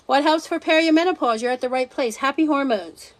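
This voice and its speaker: A woman's voice: sits high, brisk. A middle-aged woman hosting a wellness livestream, blunt and sassy, preaching to her viewers and reading their comments. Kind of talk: live stream chat with viewers.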